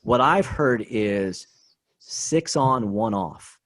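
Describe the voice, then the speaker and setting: Emphatic man talking fast on a podcast. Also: on the low side. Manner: animated, emphatic, repeats words. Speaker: guest, team spokesman. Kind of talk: casual podcast chat.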